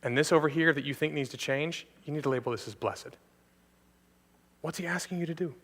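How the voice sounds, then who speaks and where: A man's voice: fairly high pitch, a little fast, a bit bright. A man preaching a sermon as pastor, speaking earnestly and addressing listeners directly again and again. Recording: long hall reverb from a church.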